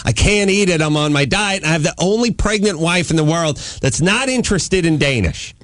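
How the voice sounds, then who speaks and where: A middle-aged man tells a comic story on a radio talk show, his voice swinging widely up and down. He rants with sudden shouted outbursts. The studio sound is close and dry. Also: a little high, brisk, dry recording. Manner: animated ranting anecdote with shouted quoted outbursts. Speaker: host. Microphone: studio microphone.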